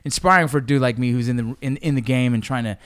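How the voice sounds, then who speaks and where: A man with a mid-pitched voice hosting a podcast. He talks with enthusiasm and swears freely, often stumbling over and repeating words. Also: quick pace, a bit bright, clear, resonant tone. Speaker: podcast host. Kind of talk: casual interview chat.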